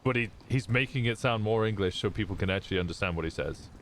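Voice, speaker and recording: A man's voice: on the low side, fast, a little hiss or hum. A man streaming, chatting casually, rambling and swearing freely as he thinks aloud.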